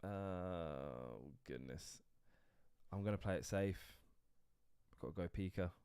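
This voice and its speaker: Very deep-voiced woman, lively co-host. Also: slow, clear, resonant tone, dry recording, clean studio sound. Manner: playful and jokey, bouncing off the host. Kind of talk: casual live-stream chat.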